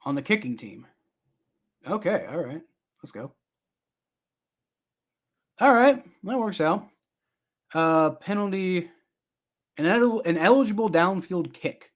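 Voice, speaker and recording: Host, male, fairly high voice, rambling live sports reaction, answers chat on the fly. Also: sing-song, moderate pace, pauses often. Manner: rambling, chatty, talks back to viewer comments.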